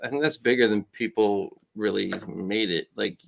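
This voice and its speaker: A man co-hosting a casual sports show, making his points in a relaxed way. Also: lowish voice, moderate pace, gravelly, slight background noise. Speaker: podcast co-host.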